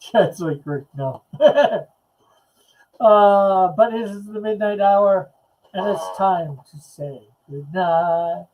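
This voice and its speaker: A man's voice: high-pitched, extremely slow, a little mellow, low-quality recording. A man hosting a late-night live stream chat, reading comments aloud in a laid-back, chuckling way. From Canada. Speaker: host.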